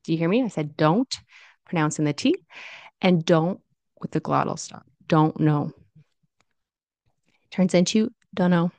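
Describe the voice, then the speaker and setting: A woman teaching English pronunciation in a casual spoken lesson. She talks slowly and deliberately and repeats example phrases. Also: low voice, expressive, a little mellow, no room sound.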